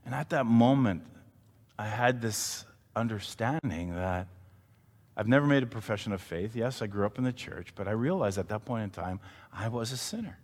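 A man preaching a sermon, an animated storyteller who asks the congregation questions. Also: fairly low pitch, moderate pace, big-room sound. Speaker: pastor.

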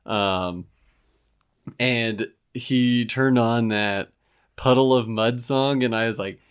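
A young man with a mid-range voice, chatting easily and recounting memories. He often pauses to gather his thoughts. The tone stays relaxed throughout. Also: mid-range voice, smooth. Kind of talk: casual chat.

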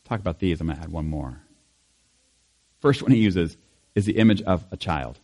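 A male pastor giving a conversational sermon, animated and chatty, acting out quotes with small laughs. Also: low voice, normal speed.

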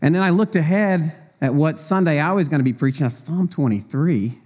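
A middle-aged deacon preaches to his church in a relaxed, conversational way, tossing out rhetorical questions and filling his pauses with small fillers. His voice sits a little on the high side for a man. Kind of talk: sermon.

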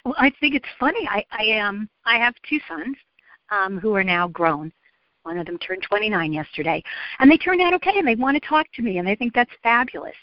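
A woman's voice: mid-range voice, big pitch swings, a little fast, dry recording. Middle-aged woman, therapist guest, earnest, lots of ums, dull dry recording. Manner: earnest, frequent ums, acts out quotes. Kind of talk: podcast interview.

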